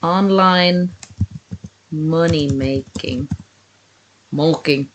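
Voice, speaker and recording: A woman's voice: on the low side, animated, a little slow, a little hiss or hum, low-quality recording. Crude joking woman reading aloud. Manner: crude, joking asides, frequent laughter. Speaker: reader of a fan story. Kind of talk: comic reading aloud with commentary.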